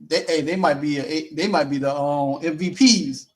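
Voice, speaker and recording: A man co-hosting a casual post-game sports talk stream, animated, laughing easily and acting out what others said. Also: on the high side, normal speed, a little hiss or hum.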